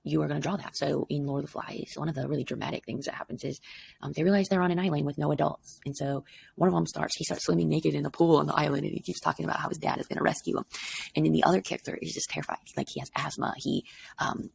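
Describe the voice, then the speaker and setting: A woman's voice: sits low, steady tone, fast talker, gravelly, darkish tone, breathy edge. A tired woman teacher explaining an assignment in a recorded lesson, rambling casually and checking in with "okay?". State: tired, up before dawn.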